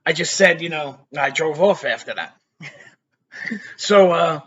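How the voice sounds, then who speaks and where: A man spins a rambling story from his own life. His voice sits high and sounds bright and forward. He keeps tossing in "you know" and chuckling between sentences. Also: measured pace, dull audio. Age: 50s. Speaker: vlogger.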